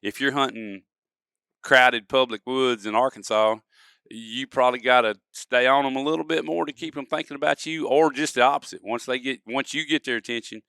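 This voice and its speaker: Guy on a podcast, folksy storyteller, bright crisp voice, dry studio sound. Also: mid-range voice, steady tone, fairly quick, no room sound. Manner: folksy storyteller, acts out examples. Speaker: guest, duck-calling expert. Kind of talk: casual podcast conversation. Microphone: studio podcast mic.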